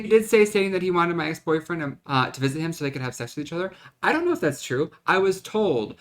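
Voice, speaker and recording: A vlogger talking to camera in a rambling, dramatic, self-mocking way, in a casual rant. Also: mid-range voice.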